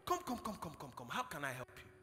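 Young Nigerian pastor, animated sermon storyteller, very bright tone, hall echo. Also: male voice, on the high side, quick pace. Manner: storytelling, acts out dialogue, builds to shouted preaching. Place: large hall, live conference.

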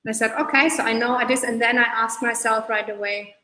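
A woman hosting a podcast interview, animated, quick to affirm her guest, often restarting her phrases. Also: fairly high pitch. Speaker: podcast host. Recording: echoey room.

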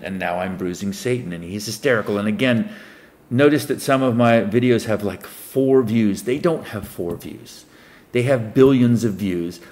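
A man, a self-styled preacher, reading Bible verses aloud and breaking off into rambling commentary, swinging between loud emphatic reading and quiet muttered remarks. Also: lowish voice. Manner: reads scripture aloud, then breaks off into rambling asides.

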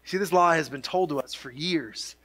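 A man's voice: a little high, normal speed, a bit bright. A male pastor preaching a sermon in a church, mixing jokey asides with rising, emphatic build-ups. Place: church sanctuary.

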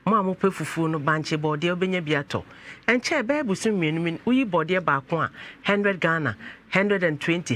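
A male radio host with a high-pitched, bright voice that swoops widely. He talks in an animated way, moving between calm reflection and loud outbursts. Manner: animated, switches from calm musing to loud exclaiming. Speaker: radio talk show host. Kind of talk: call-in advice talk.

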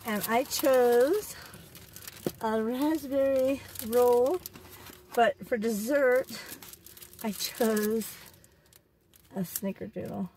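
A woman's voice: a little high, drawn-out words, pauses often, darkish tone, a little hiss or hum. A mother chatting playfully and upbeat in a casual family vlog, recorded in a parked car. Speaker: vlogger and mother.

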